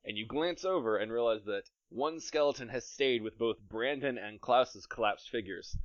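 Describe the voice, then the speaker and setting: A man running a tabletop game as game master, playful and narrating combat with quick asides. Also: mid-range voice, no room sound. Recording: dry, slightly dull podcast mic.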